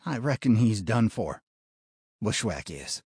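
A man's voice: lowish voice, sing-song, measured pace, a little mellow, husky, no echo, studio quality, full character voice. A man voicing a grim frontier town marshal and father, terse and commanding.

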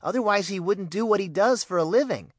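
A man's voice: high-pitched, a little fast, no echo, pitched above the performer's own voice. A man doing an eager boy detective. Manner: eager, insistent. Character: excitable boy detective, ten years old.

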